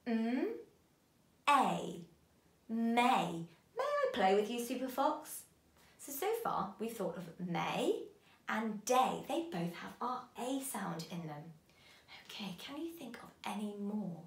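A woman leads a children's phonics lesson, drawing out each sound slowly and with care. Her pitch swoops up and down in a bright sing-song, and the room around her rings with a noticeable echo. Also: big pitch swings. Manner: slow, sing-song, encouraging teacher talk to young children. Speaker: phonics teacher. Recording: roomy echo.

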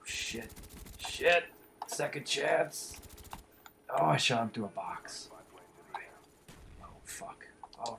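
A man's voice: on the low side, vocal fry, fairly bright tone, a little hiss or hum. A man giving live commentary over his own shooter match, swearing often and swinging between muttered whispers and frustrated outbursts. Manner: calls himself the Warlock in the third person. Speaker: gameplay commentator.

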